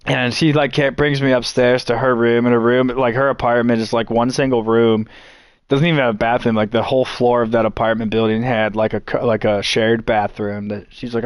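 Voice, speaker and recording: A man's voice: medium pitch, steady tone, fairly quick, no echo. Profane rambling man, dry close sound. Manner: rambling, profane, laughs often. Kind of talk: casual storytelling.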